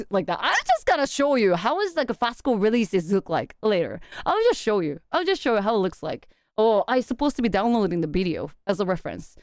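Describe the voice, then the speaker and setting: A young woman chats casually and animatedly with her stream viewers, laughing a lot, swearing for effect, and slipping in quick Japanese phrases. Her voice is on the high side, and the recording is clean studio sound with no echo.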